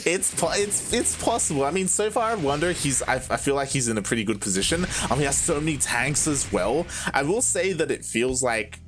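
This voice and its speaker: A man's voice: medium pitch, very animated, a little fast, few pauses, fairly bright tone, soft background music. A man casting a live esports match, chatty and rambling, laughing often. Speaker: esports caster. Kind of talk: live game commentary.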